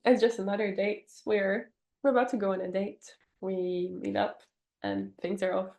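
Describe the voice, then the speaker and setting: A young woman recounts a dating story for her podcast, building it up with dramatic pauses. Her voice sits in a middle pitch. The room around her has a roomy echo. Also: lively intonation, creaky, darkish tone. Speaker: podcast co-host. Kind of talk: casual chat, storytelling.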